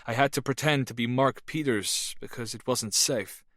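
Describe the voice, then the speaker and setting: A man reading an audiobook voices a Russian spy confessing his true identity in a quiet, earnest way. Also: mid-range voice, moderate pace, no echo, studio quality, close to an everyday voice.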